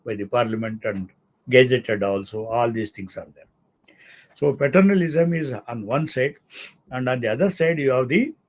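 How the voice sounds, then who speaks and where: An older man with an Indian English accent lectures as a law professor at a middle pitch. He explains patiently, repeats his key terms and checks in with "okay" as he goes. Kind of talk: academic lecture.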